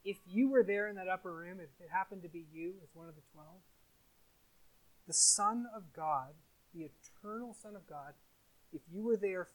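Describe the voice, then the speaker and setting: A man preaching a sermon, putting stress on his words, slowing on key phrases and putting questions to his listeners. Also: sits high. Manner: emphatic, asks the listeners rhetorical questions.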